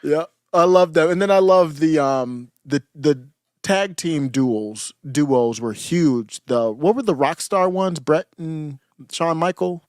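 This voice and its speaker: A man's voice: on the high side, slow pace, darkish tone, dry recording, studio quality. A man co-hosting a podcast, chatting casually and nostalgically, often trailing off and restarting his sentences. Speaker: podcast co-host. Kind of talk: casual chat.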